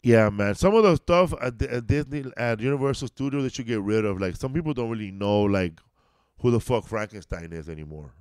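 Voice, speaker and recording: The speaker is a male comedian co-hosting a podcast, his mid-range voice darkish, clear, and resonant at a fairly quick pace. Recorded dry with clean studio sound, he rambles through casual stories, frequently tossing in "bro" and "dog."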